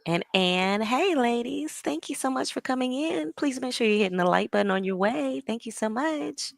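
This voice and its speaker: A woman's voice: a little high, animated, moderate pace, vocal fry, no room sound, studio quality. A woman hosting a casual livestream, chatting and greeting viewers by name with teasing humor. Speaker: livestream host. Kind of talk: casual chat.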